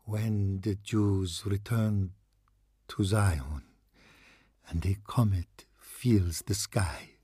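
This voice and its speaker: A man voicing a tearful, trembling priest who delivers prophecies of doom in a slow, hushed voice that sinks into whispers. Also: low voice, breathy edge, no room sound, studio quality, full character voice. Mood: ominous.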